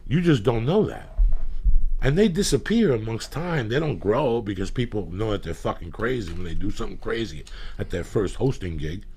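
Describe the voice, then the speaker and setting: A man hosting a podcast, telling profane comedic stories in rambling anecdotes with loud bursts of emphasis. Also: fairly low pitch, lively intonation, fairly quick, a little hiss or hum. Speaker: podcast host.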